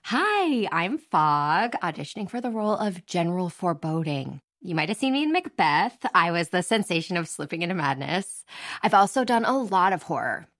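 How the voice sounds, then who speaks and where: A woman voicing living fog as a hammy actress auditioning in a radio ad, soft and breathy. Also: lowish voice, big pitch swings, moderate pace, no room sound. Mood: theatrical. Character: fog personified, theatrical eerie actress. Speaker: radio ad character.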